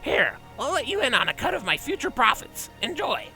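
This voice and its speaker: A man voicing a greedy, scheming male goblin smuggler boss over game audio, with a raspy, nasal, theatrical delivery. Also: very high voice, huge pitch swings, a little fast, sharp tone, faint music behind, voice pushed up, full character voice, poor audio. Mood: gloating.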